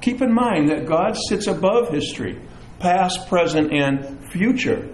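Middle-aged pastor preaching in an echoey room. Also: male voice, high-pitched, measured pace, a little hiss or hum. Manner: animated preaching with chatty asides and self-deprecating humor. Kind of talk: sermon. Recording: echoey room with faint ambience.

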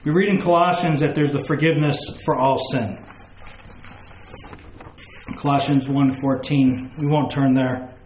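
A man preaching a sermon, stressing key words with repeats and quick questions he answers himself. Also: mid-range voice, fairly even intonation, a little mellow, slight background noise. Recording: echoey room.

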